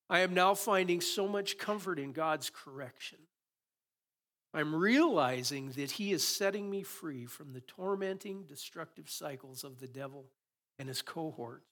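A man's voice: fairly high pitch, a bit bright. A man preaching a sermon as pastor in a church sanctuary, full of rhetorical questions and rising passion.

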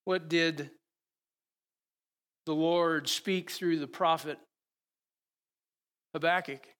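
A man preaching a sermon into a microphone as the pastor, in a conversational, joking way that swings between loud emphasis and quiet asides. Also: fairly high pitch, fairly even intonation, extremely slow, smooth.

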